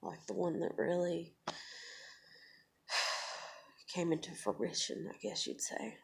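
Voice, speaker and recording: A woman's voice: on the low side, very animated, takes it slowly, vocal fry, breathy edge. Profane blunt woman vlogger. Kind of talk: personal storytelling monologue.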